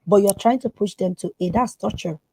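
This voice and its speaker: A woman's voice: mid-range voice, a little fast, warm tone, slightly rough, no echo, poor audio. A woman therapist speaking as a podcast guest, earnest and emphatic. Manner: emphatic, acts out quoted voices.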